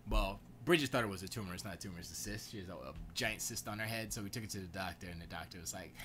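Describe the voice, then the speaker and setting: A man hosting his own podcast, chatting casually and rambling in a slangy, animated storytelling way. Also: low-pitched, rapid-fire. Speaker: podcast host.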